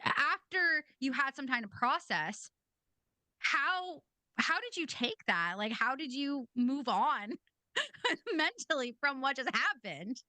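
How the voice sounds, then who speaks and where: A woman hosts a podcast, giving blunt and casual commentary peppered with swearing. Her voice is bright and forceful and sits a little high. The sound is dry and close, with no room echo. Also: sing-song, takes it slowly. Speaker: podcast host.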